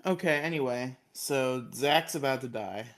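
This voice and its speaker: A man of medium pitch speaking at normal speed co-hosts a laid-back podcast, going over episodes with lots of laughs and lively impressions of the characters' lines.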